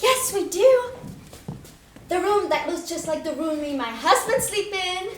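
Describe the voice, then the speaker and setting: A woman's voice: lively intonation, measured pace. A woman on stage playing a vain, scheming mayor's wife who shows off with fake French. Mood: flustered fawning. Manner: shrill, showy, pretentious, fake French phrases. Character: vain, scheming middle-aged mayor's wife, social climber. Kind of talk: stage play performance. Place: theater stage, heard from the hall. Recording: roomy theater sound from a distance, noisy.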